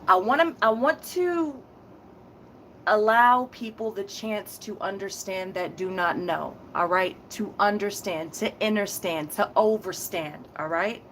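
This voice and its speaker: A woman's voice: medium pitch, a little slow, hardly any pauses, a little hiss or hum, rough recording. A woman giving a spoken tarot reading to her viewers, firm and emphatic, often repeating key phrases, with a heated, intense delivery and casual direct address. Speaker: tarot reader.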